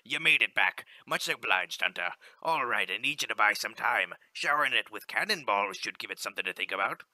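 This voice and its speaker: A man voicing a folksy male ship captain with a loud, rustic drawl, reading game dialogue in character. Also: lowish voice, animated, a little fast, no echo. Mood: commanding.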